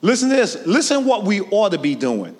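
A man a sermon, calling out to his congregation and swinging from shouted lines to hushed ones. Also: high voice, wildly swooping pitch, brisk. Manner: call-and-response preaching, swinging from shouts to near-whispers. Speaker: preacher. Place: church sanctuary. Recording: long reverb of a large hall.

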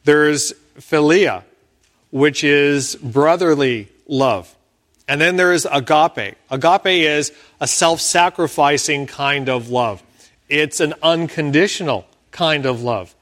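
A man delivers a sermon at an unhurried, deliberate pace, his voice sitting a little higher than most men's. He explains scripture patiently, pausing between phrases. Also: a bit bright. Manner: slow, measured preaching with careful pauses. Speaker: pastor.

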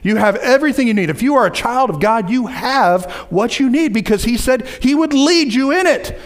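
A man with a high voice preaches a sermon in a lively way. He repeats phrases for emphasis and drops in casual asides to his listeners. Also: moderate pace. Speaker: pastor.

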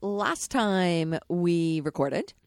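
A woman hosting a podcast in casual chat, chatty and quick to laugh as she tells anecdotes. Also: lowish voice, lively intonation, over loud music. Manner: chatty, laughs often while telling anecdotes. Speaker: podcast host.

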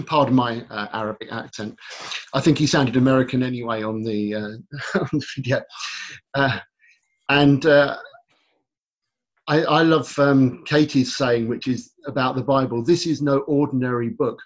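A man's voice: mid-range voice, unhurried, pauses often, dull audio. A man giving a sermon, telling a story in a hesitant way with many fillers and restarts. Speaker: preacher.

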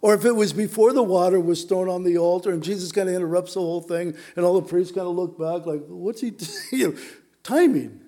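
A man's voice: high-pitched, steady tone, fast, hardly any pauses, dark tone. A middle-aged man from Southern California preaching a sermon in a conversational, storytelling way. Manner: conversational, storytelling, many fillers. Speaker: pastor. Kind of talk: sermon with personal stories.

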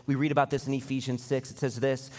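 A man preaching a sermon to his church, building to an impassioned, near-shouting pitch as he retells scenes. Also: level tone, fast. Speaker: pastor. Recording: long hall reverb.

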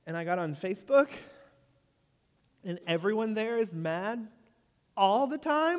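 A pastor in his thirties preaches a sermon, telling a story with humor as an animated, jokey storyteller who keeps asking the room "right?". His voice sits high, his pace is measured with long pauses, and a large hall's long reverb surrounds him.

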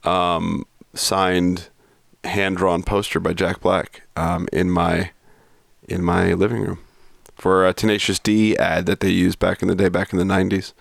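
A young man co-hosting a podcast, chatting casually and telling stories with animated mock outrage. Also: low voice, unhurried, creaky, dry recording, clean studio sound. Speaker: podcast co-host. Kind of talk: casual chat.

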